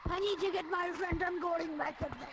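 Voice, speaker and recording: A woman gamer doing playful in-game role-play through a VR headset mic, excitable and dramatic, with sudden shouts. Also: very high-pitched, fairly quick. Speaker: gamer making a VR game movie. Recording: noisy VR game capture.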